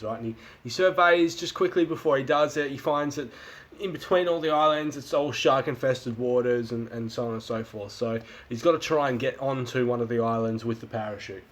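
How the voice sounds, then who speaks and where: A man's voice: medium pitch, fairly quick. A man with an Australian accent hosting a livestream, telling stories in a rambling, casual way with repeated words and free swearing. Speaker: livestream host. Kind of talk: casual chat and joke telling.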